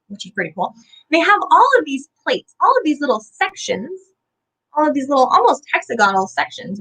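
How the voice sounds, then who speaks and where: A young woman hosts a children's lesson about animals, her voice high and swinging up and down in a lively, sing-song way. She keeps asking young viewers questions and leads them in playful sound effects. Her voice is a touch hoarse. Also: poor audio. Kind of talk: live kids' lesson with animals.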